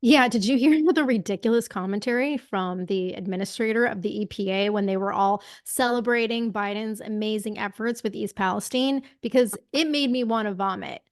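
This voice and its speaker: A woman's voice: medium pitch, moderate pace, hardly any pauses, no room sound, clean studio sound. A woman co-hosting a political podcast, speaking with scornful sarcasm and blunt profanity. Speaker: podcast co-host.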